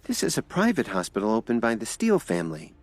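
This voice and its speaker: A man's voice: on the low side, wildly swooping pitch, quick pace, no echo, pitched above the performer's own voice. A man voicing an anxious, caring young woman in an audio drama, pleading and worried. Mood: explaining.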